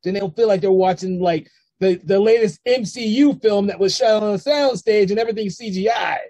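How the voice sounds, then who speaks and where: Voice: medium pitch, a little fast, warm tone, dry recording. An interview host asking rambling, filler-heavy questions over a video call.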